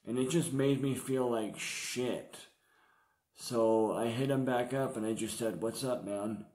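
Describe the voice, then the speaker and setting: A man's voice: medium pitch, a little slow, darkish tone, a little hiss or hum. A man vlogging about his past addiction in casual, slangy, profane storytelling. He comes across as confessional. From San Diego area. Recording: roomy echo.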